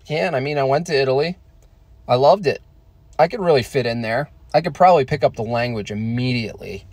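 An American man casually answering viewer questions on a stream, halting with many fillers and restarts. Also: mid-range voice, a little mellow, dry recording. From United States. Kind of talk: casual livestream chat.

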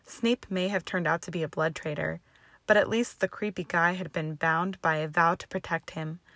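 A woman narrates fan fiction in a steady storytelling voice. Her pitch sits on the low side, and the recording is dry and close with no room sound. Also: no echo. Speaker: audiobook reader. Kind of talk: fanfiction read aloud.

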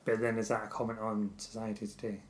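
A man's voice: lowish voice, monotone, quick pace, reverberant. A man co-hosting a casual TV review chat, wry and conversational. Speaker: podcast co-host.

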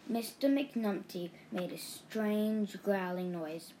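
A woman's voice: mid-range voice, slow, dark tone, a little hiss or hum, rough recording. A woman narrating a children's story, chatting in asides to the listener.

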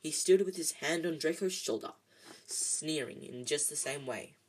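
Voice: medium pitch, normal speed, a little hiss or hum. A reader narrating a storybook aloud, with frequent small slips and restarts.

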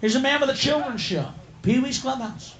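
A man doing a profane, rowdy live stand-up routine, yelling his punchlines. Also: very high voice, animated, normal speed. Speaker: stand-up comedian. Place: comedy club stage. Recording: echoey live club, loud crowd.

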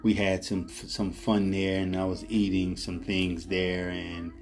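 A man's voice: low-pitched, completely flat delivery, unhurried. A middle-aged man telling a story in a casual, rambling way. He repeats words, chuckles as he goes, and speaks straight to his viewers. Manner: addresses viewers directly as ladies and gentlemen. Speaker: travel vlogger.

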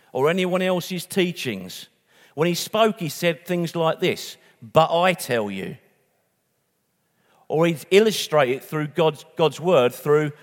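A man's voice: on the high side, long reverb tail. A man preaching a sermon in a conversational way, with restarts and asides.

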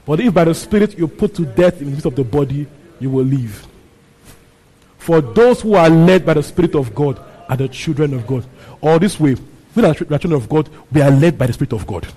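A man's voice: on the high side, lively intonation, brisk, mellow, slightly rough, rough recording. A man preaching a sermon, repeating his phrases and asking the congregation questions. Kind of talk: sermon teaching on a Bible passage.

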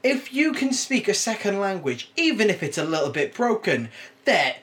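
A man's voice: high-pitched, sing-song, moderate pace, fairly bright tone. A young man, chatting casually and rambling with frequent restarts. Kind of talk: casual chat.

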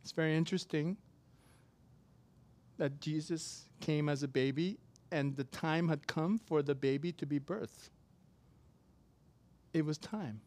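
A man preaching a sermon, telling a personal story casually with sudden loud, emphatic bursts. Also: on the high side, unhurried, pauses often. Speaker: pastor.

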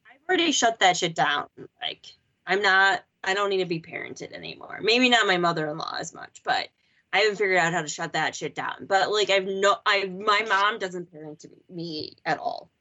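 A woman's voice: medium pitch, normal speed, bright, forceful tone, muffled recording. A woman co-hosting a podcast, chatting casually and bluntly. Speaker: podcast co-host. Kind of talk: casual chat.

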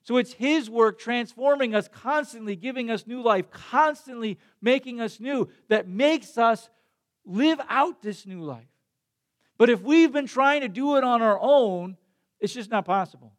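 Man, pastor, sermon, high voice, conversational, building to passionate emphasis. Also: measured pace.

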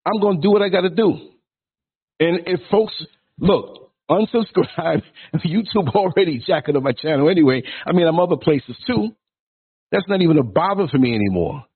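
A man's voice: on the high side, animated, moderate pace, breathy edge. A man in his sixties hosting a podcast, delivering a blunt, provocative, preachy rant. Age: 60s. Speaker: podcast host. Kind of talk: ranting monologue. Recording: tinny phone-like line.

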